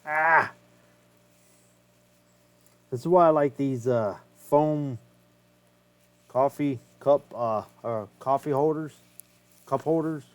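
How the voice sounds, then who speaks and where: A man's voice: medium pitch, slow, long pauses, dry recording. A man casually talking through a hands-on repair of an old game cartridge, thinking aloud and swearing freely as he works. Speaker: retro game collector.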